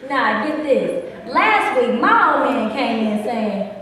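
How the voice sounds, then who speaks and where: A woman's voice: fairly high pitch, very animated, takes it slowly, a bit bright, exaggerated voice. An actress playing a wry woman who mocks her man's excuses in a sarcastic drawl. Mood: mocking. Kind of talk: theatrical monologue. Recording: echoey hall, far from the mic.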